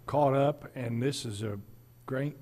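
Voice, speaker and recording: A man's voice: mid-range voice, takes it slowly, mellow. A man, a county commissioner speaking earnestly at a public meeting in a courthouse. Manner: earnest thanks.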